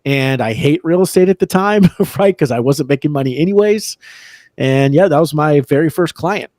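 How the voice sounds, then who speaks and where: A man's voice: a little high, moderate pace, no echo. Man telling a story on a dry close mic. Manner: animated, acts out quoted dialogue, laughs between lines. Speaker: real estate agent, podcast guest. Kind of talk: casual storytelling.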